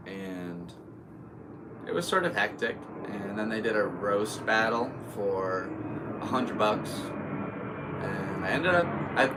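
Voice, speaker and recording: Low-voiced laid-back man in his thirties. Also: a bit bright, distant mic, slight background noise. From Connecticut. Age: 30s. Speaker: podcast host and comedian. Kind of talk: casual solo podcast chat.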